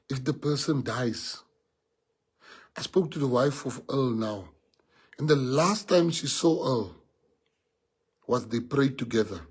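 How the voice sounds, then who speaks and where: A man's voice: mid-range voice, slightly rough. A man with a South African accent, a party leader giving a heartfelt speech to his members, earnest and repeating key phrases for emphasis.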